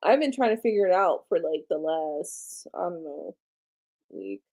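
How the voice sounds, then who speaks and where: A woman hosting a casual livestream, chatty and slangy, tired late at night, dropping to low murmurs and jumping to excited squeals. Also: measured pace. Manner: chatty and slangy, talks to viewers as y'all. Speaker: livestream host.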